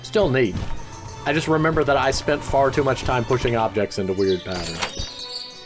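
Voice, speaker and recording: A man's voice: mid-range voice, moderate pace, over music. A man hosting a gaming channel, chatting through a let's play with nostalgic asides.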